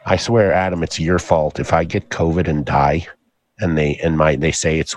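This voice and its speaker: A man co-hosting a casual chat, animated and profane, often laughing. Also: extremely low pitch, normal speed, dry recording.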